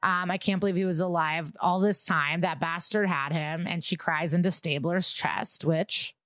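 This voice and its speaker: A woman co-hosting a podcast, recapping an episode in casual, animated chat and swearing freely. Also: lowish voice, normal speed, no room sound, clean studio sound. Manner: animated, swearing, acts out quotes. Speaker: podcast co-host.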